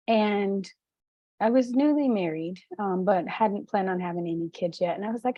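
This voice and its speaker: A woman advocate giving an earnest personal testimony, telling her story haltingly with many pauses and fillers. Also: medium pitch, no echo, lo-fi sound. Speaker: suicide prevention advocate and speaker.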